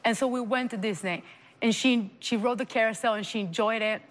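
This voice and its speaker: An earnest woman with a slightly high voice recounts a personal story as an interview guest, acting out quoted dialogue with feeling. Her voice carries a long studio reverb. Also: a little fast. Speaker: guest, mother sharing her daughter's treatment story.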